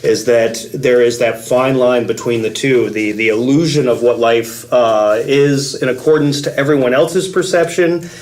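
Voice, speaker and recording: A man speaking as a podcast guest, measured and reflective in his answers. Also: mid-range voice, steady tone, darkish tone. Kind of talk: casual interview talk.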